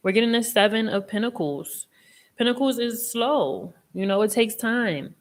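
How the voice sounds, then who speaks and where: A young woman hosting a casual live tarot reading, chatty and expressive, with a reassuring tone and casual swearing. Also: fairly high pitch, moderate pace. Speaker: tarot reader and live stream host.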